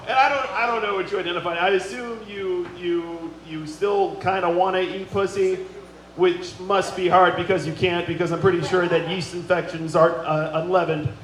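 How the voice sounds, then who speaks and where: A high-voiced male emcee fires off crude roast jokes and shouts up the next act. The sound bounces around an echoey bar, with heavy noise behind him. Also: unhurried. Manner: crude jokes, loud hype introductions. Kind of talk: live stand-up roast. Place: bar with a live audience. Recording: echoey bar room, loud background noise.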